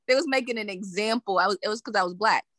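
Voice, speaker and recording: Telling a story over casual podcast talk, a woman speaks quickly in a mid-range voice, laughing often and animatedly voicing the characters she quotes. The recording is dry.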